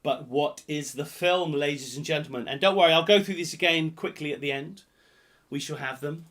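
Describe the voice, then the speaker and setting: On a live-streamed pub quiz, a male host jokes and rambles, swinging between loud announcements and muttered asides. His voice sits a little high and his pace is brisk.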